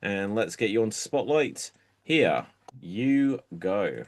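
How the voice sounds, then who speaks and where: A man hosting an online improv show over a video call, announcing in a slow, drawn-out way. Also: on the low side, sing-song. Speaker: host.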